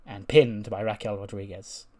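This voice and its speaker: A man's voice: lowish voice, fairly even intonation, moderate pace, mellow. Rambling man narrating a game. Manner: rambling, heavy on fillers. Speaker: game commentator. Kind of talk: casual game commentary.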